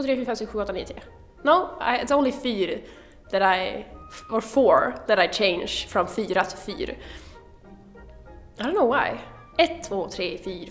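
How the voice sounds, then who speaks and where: Woman, Swedish accent, native Swedish speaker, casual vlog teacher, chatty, thinks aloud, slightly high voice, faint music behind. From Sweden. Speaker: language teacher vlogger. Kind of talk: casual video lesson.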